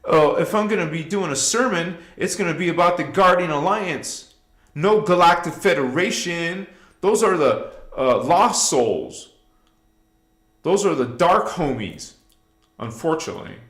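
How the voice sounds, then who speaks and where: A man's voice: a little high, expressive, measured pace, fairly bright tone, echoey room. A man hosting a casual spiritual livestream, exuberant and laughing, chanting affirmations to his viewers. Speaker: livestream host.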